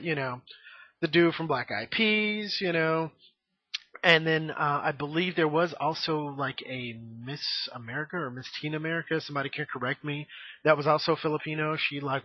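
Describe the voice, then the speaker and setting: A man's voice: a little high, no echo. Rambling man vlogging, dull dry sound. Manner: rambling, frank, many fillers and "you know". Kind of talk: casual monologue to camera. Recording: dry, dull lo-fi home recording.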